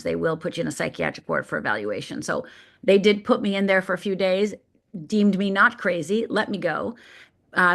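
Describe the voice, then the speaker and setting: A middle-aged woman from Michigan, a podcast guest telling her life story in a vivid, paced way with dramatic pauses. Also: on the low side, creaky, fairly bright tone. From Upper Peninsula of Michigan.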